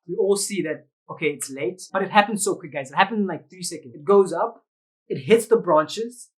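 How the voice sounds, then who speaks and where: A high-voiced South African man vlogs to camera, spinning an animated tale full of slang. He throws in sound effects and acts out other people's voices, all captured on a rough recording.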